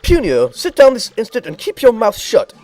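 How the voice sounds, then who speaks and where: Man putting on a cranky old lady elder, high lively scolding voice, bossy, game character. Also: moderate pace, soft background music, heavily acted. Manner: scolding, barking orders. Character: crotchety bossy old female tribal elder.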